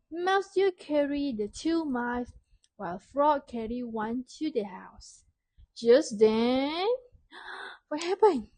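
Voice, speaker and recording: A woman teacher telling a story to young children, asking questions and praising answers clearly. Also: high-pitched, darkish tone, dry recording.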